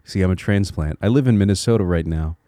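A Connecticut podcast host talks at a quick pace in a low, warm voice on his solo show, earnest, reflective and encouraging, with small restarts as he thinks aloud. There's no room sound, and the studio audio is clean.

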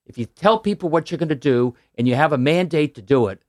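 A man's voice: fairly high pitch, animated, quick pace, darkish tone, dry recording, studio quality. A man in his sixties, a political candidate answering radio interview questions in an upbeat, persuasive way with some restarts. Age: 60s. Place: radio studio.

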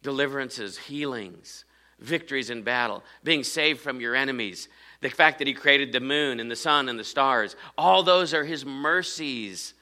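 A man's voice: mid-range voice, normal speed, bright, forceful tone. A man preaching a sermon, earnest and repeating phrases for emphasis. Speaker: pastor.

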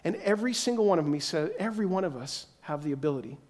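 High-voiced animated male pastor preaching. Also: rapid-fire. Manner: animated storytelling, acts out quoted voices. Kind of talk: sermon.

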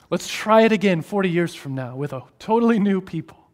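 A man preaching a sermon, moving between hushed, drawn-out phrases and raised, emphatic ones. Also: high voice. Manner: expressive, shifting between hushed and raised delivery.

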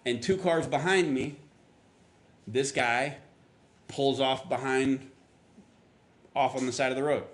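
A man's voice: steady tone, takes it slowly, long pauses. A man preaching a sermon, telling a personal story in a casual, conversational way and acting out the dialogue. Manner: conversational storytelling, acts out quotes with rising pitch. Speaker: pastor.

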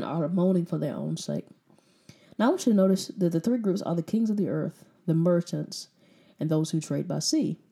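Female preacher mid-sermon: warm, mellow voice, hammering points with rhetorical questions. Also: mid-range voice. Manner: emphatic, rhetorical questions, repeats phrases.

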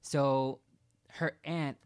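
A woman's voice: very deep voice, steady tone, extremely slow, a little mellow, clean tone. A woman host chatting casually, telling gossipy stories and laughing often. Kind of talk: casual chat.

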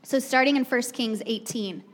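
A woman gives a conversational sermon, retelling the story in a chatty way and speaking straight to the congregation. Her voice is on the high side at a normal speed, and the hall adds long reverb.

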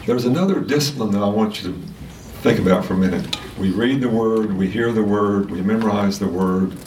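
A man teaching a casual Sunday school lesson, talking in a halting way with many restarts and fillers. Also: lowish voice, noisy background. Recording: roomy sound from a distant mic.

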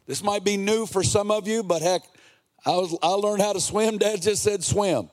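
A man in his forties preaches with a raised, high-pitched voice. His delivery is earnest and impassioned, and at times it lilts into a sing-song cadence. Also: a little slow. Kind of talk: sermon.

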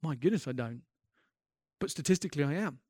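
A man's voice: on the high side, animated, brisk, a little mellow, slightly rough, no room sound, studio quality. A man preaching a sermon as a pastor, earnest and impassioned, often restarting his sentences and building in intensity.

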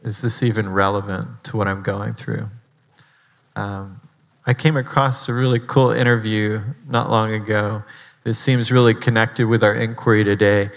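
A man's voice: lowish voice, creaky, long reverb tail. A man giving a casual sermon as pastor, chatty, with rambling asides.

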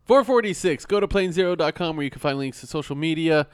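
Male podcast host, casual and rambling, smooth tone, dry close-mic sound. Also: on the high side, quick pace, no echo. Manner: upbeat, rambling plugs.

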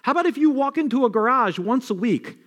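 Animated high-voiced preaching man. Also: fast. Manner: animated preaching, swinging between loud high emphasis and low quiet asides; repeats words when building to a point. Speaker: pastor. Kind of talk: sermon. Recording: long hall reverb.

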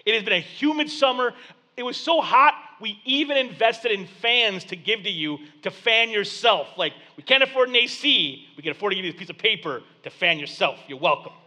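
High bright-voiced male pastor preaching. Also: brisk. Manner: storytelling, conversational and animated. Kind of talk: sermon. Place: church basement.

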